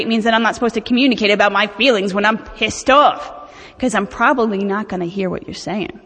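Sharing her recovery story at a meeting, a middle-aged woman speaks openly and with animation, often laughing at herself. Her mid-range voice is a bit bright and echoes with long hall reverb.

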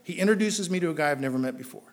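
A man, a trial lawyer, telling his recovery story to a live audience in an animated, self-mocking way. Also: racing. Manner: animated, self-mocking storytelling that climbs loud and high when excited. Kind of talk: personal story told to an audience. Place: talk before a live audience.

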